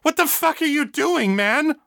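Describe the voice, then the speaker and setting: Dude voicing a tense cursing crook, strained and edgy, dry sound. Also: male voice, fairly high pitch, very animated, unhurried, sharp tone, no room sound, pitched above the performer's own voice, exaggerated voice. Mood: alarmed. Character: rough male criminal, panicky but protective.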